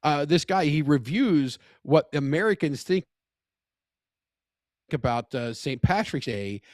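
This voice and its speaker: A man's voice: a little high, expressive, takes it slowly, no echo, clean studio sound. A man co-hosting a casual podcast chat, teasing and laughing often, rambling with frequent restarts. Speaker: podcast co-host.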